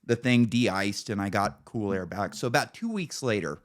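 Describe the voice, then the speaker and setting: A middle-aged man with a hoarse throat, telling a profane story as podcast co-host. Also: lowish voice, expressive, moderate pace. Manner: profane storytelling, acts out quotes. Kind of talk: casual chat.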